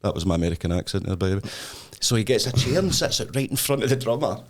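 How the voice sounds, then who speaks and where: A man with a Scottish accent, co-hosting a podcast and telling stories in a studio, his voice leaping up high when he gets excited. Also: quick pace. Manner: animated storyteller, voice jumps up high when excited. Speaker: podcast co-host. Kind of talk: casual chat, storytelling.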